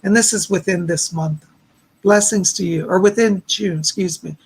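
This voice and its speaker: A man hosting a livestream of psychic readings, hoarse and losing his voice, who gently relays messages and reassures each viewer. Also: high voice, moderate pace. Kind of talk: live psychic readings answering chat.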